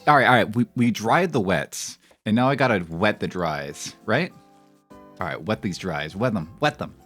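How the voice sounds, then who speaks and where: Lively low-voiced male streamer. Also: measured pace, faint music behind. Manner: crude, rambling jokes with lots of fillers. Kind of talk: casual gameplay commentary.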